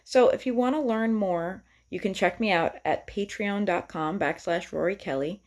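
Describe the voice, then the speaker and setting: A woman's voice: medium pitch, normal speed. A woman singer-songwriter talking casually and enthusiastically to her viewers, with lots of fillers. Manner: chatty and enthusiastic, with many fillers.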